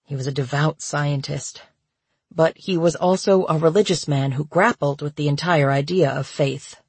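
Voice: medium pitch, normal speed, husky, dry recording. A narrator voicing a frail middle-aged man with a fragile voice, speaking at a memorial. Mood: subdued.

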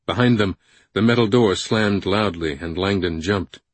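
A man with a deep, slightly husky voice reads a thriller audiobook in a measured, suspenseful way. The recording is close and dry, with no room sound. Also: no echo. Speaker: audiobook narrator. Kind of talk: scripted thriller narration.

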